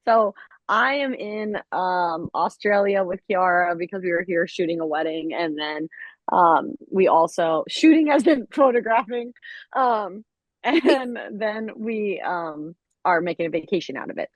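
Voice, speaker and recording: A woman's voice: fairly low pitch, a little slow, dry recording, muffled recording. A woman from the States co-hosting a podcast, telling travel stories in a chatty way, with lots of fillers and laughs. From United States. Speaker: podcast co-host. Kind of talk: casual chat. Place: travelling abroad, speaking remotely.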